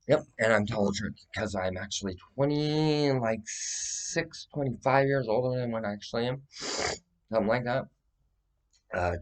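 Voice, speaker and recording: A man with a fairly low voice rambles on in a vlog monologue. His talk is loose and full of swearing, and it keeps tipping into agitated outbursts.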